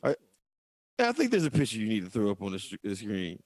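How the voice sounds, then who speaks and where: Lively, animated male co-host. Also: fairly low pitch, brisk, dry recording. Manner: lively, joking, plugging his channels. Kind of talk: casual political talk show.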